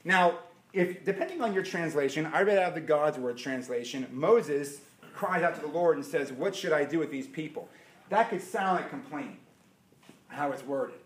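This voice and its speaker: A man preaching a sermon, animated and firing rhetorical questions at his listeners. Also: on the high side, normal speed. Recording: echoey room.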